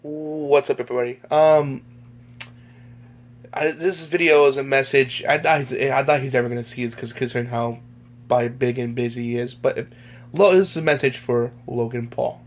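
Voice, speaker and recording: A man's voice: medium pitch, normal speed. Rambling young man vlogging. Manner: rambling with many restarts and fillers. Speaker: YouTuber. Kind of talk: casual vlog commentary.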